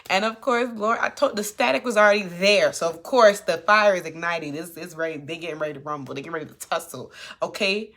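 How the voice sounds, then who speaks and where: A woman giving a casual, animated recap of a TV episode, with features. She is sassy and acts out the characters' lines. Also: lowish voice, quick pace. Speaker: TV recap commentator.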